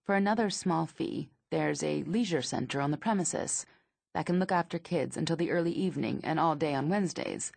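A woman in her thirties narrating her memoir in a dry, observational manner, with a husky, gravelly voice. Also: deep voice, a little fast, darkish tone, no room sound. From United States.

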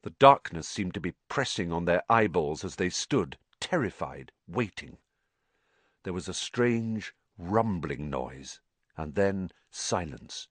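A man narrating a storybook in a fairly low voice with lively, sweeping intonation. His delivery is dramatic and expressive. The recording is dry and close-miked. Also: takes it slowly, no echo. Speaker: audiobook narrator.

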